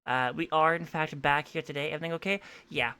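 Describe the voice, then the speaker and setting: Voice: medium pitch, steady tone, fast talker, sharp tone, clean tone. A game streamer chatting casually at home, rambling, laughing often and swearing offhand. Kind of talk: casual gameplay commentary. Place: home room.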